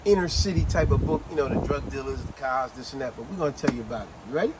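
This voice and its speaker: A man hosting a casual book review chat, retelling scenes as an animated storyteller with street slang. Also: mid-range voice, very fast, very noisy. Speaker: host.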